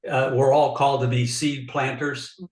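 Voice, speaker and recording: A man in his sixties, a deacon hosting a faith podcast, affirming and quick to agree. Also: mid-range voice, level tone, darkish tone. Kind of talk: casual podcast chat. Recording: echoey room.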